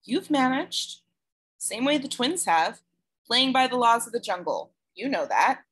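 A woman's voice: a little high, lively intonation, unhurried, a bit bright, slightly rough, voice pushed up, heavily acted. A woman voicing an anxious teenage big sister. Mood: earnest.

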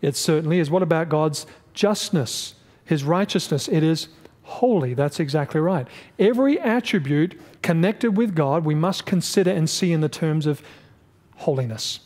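A man's voice: a little high, expressive, normal speed, a little mellow, in a large hall. A male pastor teaching a Bible study lesson in a church, speaking emphatically and asking his class questions.

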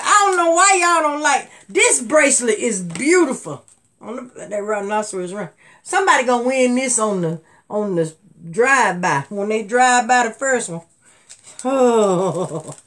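A middle-aged woman runs a live jewelry sale in a casual, chatty way. Her voice sits fairly high and leaps even higher when she gets excited, then drops low when she muses. She laughs often as she talks to viewers. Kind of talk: live selling stream, casual chat to viewers.

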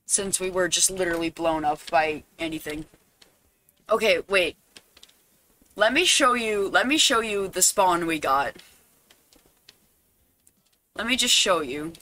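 A man streaming a game live, talking casually to his chat, fretting aloud and now and then bursting into loud dramatic cries. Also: high voice, expressive, a little slow, long pauses.

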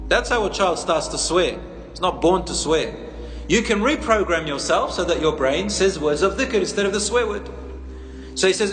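Male preacher, engaging storyteller, fairly high voice, echoey hall recording. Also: lively intonation, a little fast, fairly bright tone, a little hiss or hum. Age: adult, a teacher. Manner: engaging, questions the audience, tells stories. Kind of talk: sermon. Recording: echoey hall, faint ambience.

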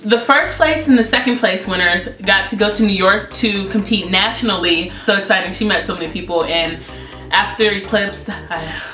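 A young woman vlogger chatting casually, often quick and halting as she restarts her sentences. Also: mid-range voice, bright, forceful tone. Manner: quick, halting, self-conscious talk. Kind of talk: casual chat. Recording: echoey room with faint music.

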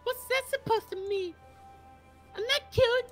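A woman's voice: extremely high pitch, a little slow, fairly bright tone, soft background music, pitched above the performer's own voice. A woman voicing a bratty, defensive teenage girl while reading visual novel lines aloud, snippy and flustered.

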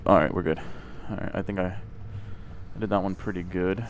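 Low-voiced joking man on voice chat. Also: steady tone, fairly quick, pauses often, a little hiss or hum. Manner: joking, swears freely, loose banter. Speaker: streamer playing with subscribers. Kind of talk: casual gaming voice chat.

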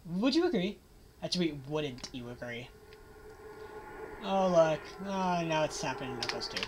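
This let's play gamer has a low voice with big swings in pitch, talking at a moderate pace against a noisy background. She plays a horror video game and gives sarcastic, joking, mock-cheerful commentary while its music blares behind her.

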